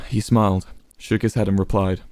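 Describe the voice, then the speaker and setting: A man reading a dramatic story aloud with expressive, varied storytelling. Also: on the low side, normal speed, no room sound, clean studio sound. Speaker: narrator. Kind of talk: dramatic fan fiction reading.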